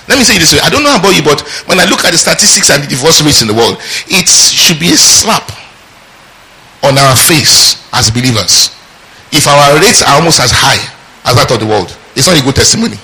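A middle-aged man preaching a sermon in an animated, rhetorical and humorous way. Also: on the high side, poor audio. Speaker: pastor.

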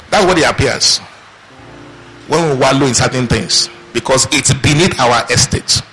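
Bright-voiced male pastor preaching call-and-response. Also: medium pitch, normal speed, slight background noise, rough recording. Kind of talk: sermon.

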